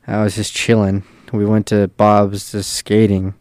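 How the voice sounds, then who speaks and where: A man's voice: on the low side, completely flat delivery, unhurried, a little mellow, dry recording, clean studio sound. A young man telling a long, loose road-trip story in casual chat, swearing freely and filling his talk with "like". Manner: loose and profane, full of fillers.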